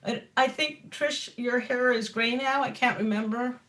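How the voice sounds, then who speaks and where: A woman guest on a talk show chatting casually about her bikes, animated and swearing freely, laughing often. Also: on the high side, measured pace, a crowd in the background. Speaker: guest, map company founder. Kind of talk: casual chat.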